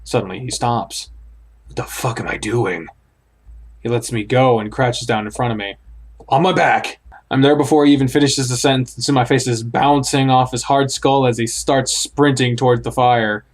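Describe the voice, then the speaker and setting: A man's voice: mid-range voice, fairly even intonation, fairly quick, few pauses. Man reading a horror visual novel aloud. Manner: dramatic reader, blurts out startled reactions. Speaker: let's play host.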